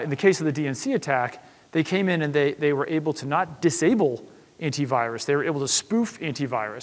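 A man's voice: on the high side, a bit bright. A man giving a tech conference talk, explaining casually with frequent restarts and "you know" fillers. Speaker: conference speaker. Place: conference hall. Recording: reverberant hall.

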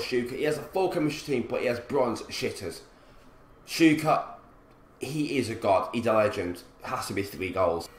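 A man commentating his own football video game play, frustrated and swearing, with sudden loud outbursts. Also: medium pitch, a little hiss or hum. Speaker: gaming commentator. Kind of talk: gameplay commentary. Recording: roomy echo.

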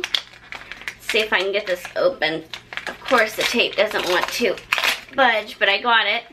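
A woman's voice: on the high side, noisy background. A woman vlogger casually opening fan mail on camera, gushing and effusive over each gift. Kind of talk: casual haul vlog.

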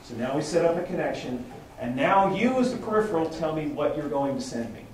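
At a tech meetup lab, a man with a fairly high, expressive, brisk voice and darkish tone presents to a small group. He speaks loosely and conversationally, often restarting and checking in with "right?" He's picked up from a distance in a very echoey room with a faint hum of ambience underneath.

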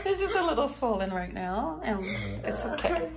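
A woman's voice: fairly high pitch, big pitch swings, moderate pace, vocal fry, a crowd in the background, rough recording. A woman, a mother, chatting and soothing her daughter in a doctor's office, laughing often. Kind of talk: casual chat, comforting a child.

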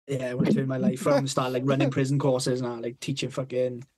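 A man's voice: medium pitch, monotone, fast talker, dark tone. A young man co-hosting a podcast, telling rambling stories in casual chat, swearing freely and laughing through them. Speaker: podcast co-host.

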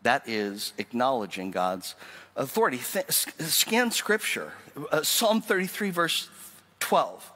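Pastor, male, preaching with a lively, rising and falling delivery, bright edge, church hall reverb. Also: mid-range voice, a little slow. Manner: animated, emphatic preaching with rhetorical questions. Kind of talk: sermon. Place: church sanctuary.

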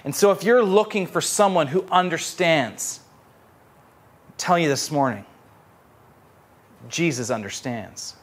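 A young adult male pastor preaching a sermon with animated storytelling, repeating phrases for emphasis. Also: on the high side, unhurried, long pauses, breathy edge.

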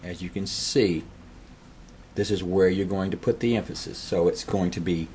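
A man's voice: low voice, steady tone, moderate pace, darkish tone, slight background noise. A man teaching a guitar strumming lesson, patiently calling out the strokes while he plays. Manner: patient, counts strums aloud over guitar.

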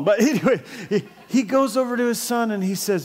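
A man preaching a sermon as pastor, telling stories with sudden loud bursts and asides. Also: high-pitched, a little fast, hardly any pauses. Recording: long church hall reverb.

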